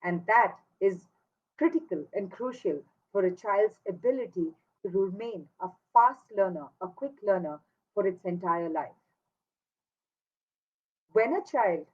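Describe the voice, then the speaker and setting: A woman's voice: mid-range voice, narrow, tinny audio. A woman giving an earnest, emphatic instructional talk to parents, repeating key words for weight. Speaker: parenting educator.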